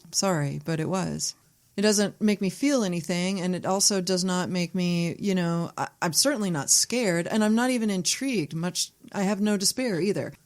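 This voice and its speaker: Animated, slightly low-voiced woman storyteller. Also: normal speed. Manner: animated storyteller, acts out quotes, swears freely. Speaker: filmmaker guest. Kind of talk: casual podcast chat.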